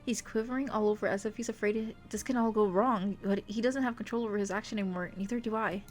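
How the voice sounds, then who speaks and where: A young woman VTuber streamer reads a romance visual novel aloud in a steady, mid-range voice at a fast clip, with faint music behind her. She punctuates the dramatic narration with giggly, gushing asides.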